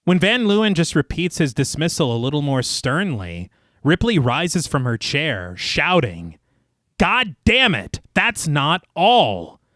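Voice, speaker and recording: With a fairly bright tone and studio-quality audio free of room sound, this podcast co-host narrates a scripted movie recap. He tells the story dramatically with casual asides, drops his voice for film quotes, and chuckles at his own jokes.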